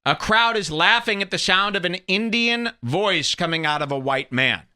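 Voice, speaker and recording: A sarcastic, indignant man hosting a podcast, his voice very bright and cutting as he argues over clips. His pitch swings widely from mocking highs to flat, pointed lows. He talks in a heated commentary style. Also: normal speed, smooth. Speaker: podcast host.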